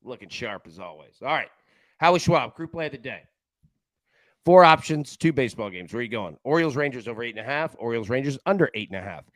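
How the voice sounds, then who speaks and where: A man's voice: medium pitch, expressive, fast talker, dry recording. A man hosting a live sports betting show in casual chat, jokey and rambling, laughing often.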